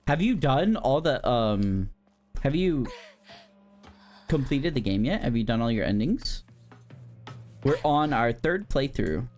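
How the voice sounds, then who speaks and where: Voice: medium pitch, big pitch swings, slow, long pauses, darkish tone, faint music behind. A streamer chatting casually with viewers while playing a horror game, talking directly to the chat and giggling often.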